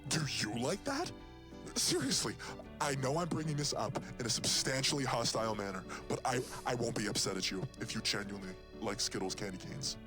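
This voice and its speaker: A man voicing a casual, opinionated monster in a game, ranting with mock seriousness and leaping up in pitch for emphasis. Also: animated, brisk, lightly acted. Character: rambling casual male monster, easygoing and opinionated. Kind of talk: game character dialogue. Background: game music.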